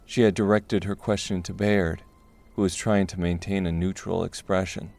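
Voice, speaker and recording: A man narrating a dark fantasy audiobook in a steady, measured way. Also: low voice, vocal fry.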